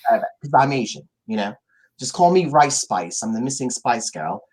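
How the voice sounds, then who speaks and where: A young man co-hosting a casual chat podcast in a campy, theatrical manner, with a mid-pitched voice. He makes crude jokes and swings his voice high and low. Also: very animated, normal speed, slight background noise. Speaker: podcast co-host.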